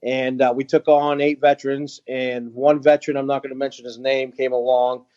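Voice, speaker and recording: A man with a middle-pitched voice tells his story as a podcast guest, earnest and halting, full of pauses and restarts. The audio sounds dull and lo-fi. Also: little pitch movement, a little mellow. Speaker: guest, veteran who runs an outdoor organization for veterans. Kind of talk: candid storytelling in interview.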